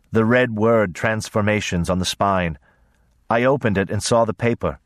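A man narrating a novel as an audiobook reader, in a measured, gentle storytelling manner. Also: lowish voice, dry recording, clean studio sound. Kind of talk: scripted narration.

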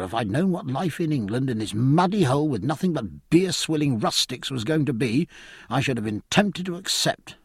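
A man's voice: mid-range voice, husky, dry recording, clean studio sound. A man reading an audiobook, voicing a spirited, outspoken young woman who is scornful and impassioned. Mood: bitter. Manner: scornful, impassioned, sharp-tongued. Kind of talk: audiobook character voice.

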